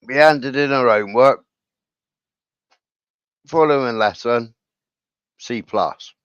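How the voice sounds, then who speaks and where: On a livestream, a middle-aged man casually tells an animated school anecdote, acting out the quoted dialogue. His medium-pitched voice is slow and clean, with no room sound, though the recording has a dull, lo-fi quality.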